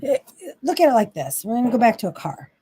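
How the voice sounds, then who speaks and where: A woman's voice: on the high side, very animated, fast, warm tone, breathy edge. A woman hosting a faith-based monologue, talking in an impassioned, exasperated, preachy way. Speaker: Christian talk host.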